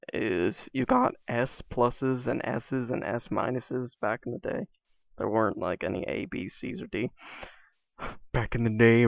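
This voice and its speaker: Creaky-voiced man rambling casually. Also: medium pitch, no echo, muffled recording. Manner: rambling, many fillers, self-interrupting asides. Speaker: vlogger.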